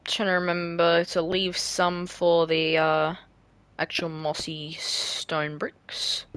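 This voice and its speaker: A woman giving casual gameplay commentary while she builds, rambling and self-deprecating, often trailing off quietly. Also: on the low side, monotone, takes it slowly, clear, resonant tone. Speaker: gaming creator.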